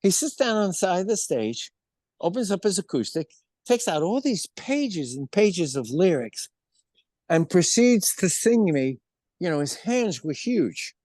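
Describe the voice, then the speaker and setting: Animated older man telling stories. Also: sits high, measured pace, no room sound, studio quality. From United States. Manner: animated, acts out quoted voices. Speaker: interview guest, musician. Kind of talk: casual storytelling.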